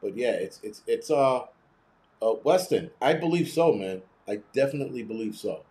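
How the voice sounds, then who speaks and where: A man's voice: medium pitch, animated, moderate pace, mellow. A man hosting a casual live commentary, blunt and profane, rambling with many restarts. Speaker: host.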